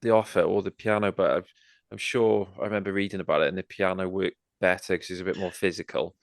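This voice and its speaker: A man's voice: low voice, fairly even intonation, fast talker, gravelly, no echo, studio quality. A man co-hosting a podcast, answering quiz questions in a rambling casual way and laughing easily. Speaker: podcast co-host. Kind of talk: casual chat.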